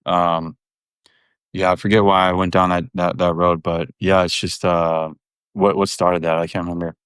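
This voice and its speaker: A man's voice: deep voice, flat delivery, normal speed, a bit bright, clear, resonant tone, no room sound, clean studio sound. A man in his thirties talking candidly as a podcast guest, frank and rambling, with plenty of swearing. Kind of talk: candid casual conversation.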